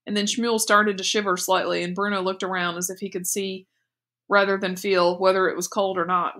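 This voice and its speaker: A woman teacher reads a novel aloud in a clear, steady storytelling manner. Her voice is bright and crisp. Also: fairly low pitch, brisk.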